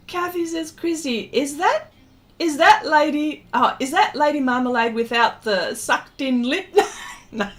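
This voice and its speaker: Slow, chatty woman hosting an art stream. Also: high voice, fairly bright tone. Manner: chatty, self-teasing, reads viewer comments aloud. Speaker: art livestream host. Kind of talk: casual chat while drawing live.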